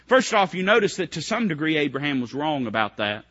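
A male pastor preaching a sermon with fervor, asking the congregation questions and swinging between loud high calls and hushed low lines. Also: expressive, brisk, hardly any pauses, dull audio. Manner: asks the congregation direct questions.

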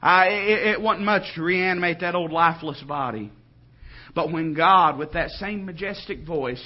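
A man preaching a sermon, dropping to quiet tones and rising to loud, drawn-out exclamations. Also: high voice, slightly rough, muffled recording.

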